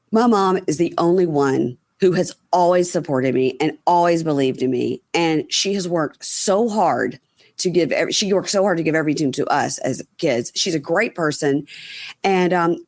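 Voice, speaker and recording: A woman's voice: fairly low pitch, normal speed, a little mellow, dry recording. A woman hosting a casual podcast, recapping a reality episode and acting out people's lines, with frequent ums and swearing. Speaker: podcast host.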